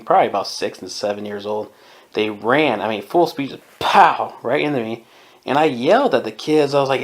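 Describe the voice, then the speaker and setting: A man in his twenties from Southern California, giving his opinions in a casual podcast monologue and chuckling often. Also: medium pitch. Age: 20s. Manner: opinionated, chuckles often, mimics people in quotes. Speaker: podcast host.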